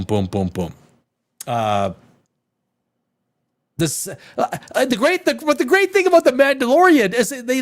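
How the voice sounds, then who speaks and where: A man hosting a live stream, ranting casually with profanity, jumping between loud outbursts and low mutters. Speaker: live show host.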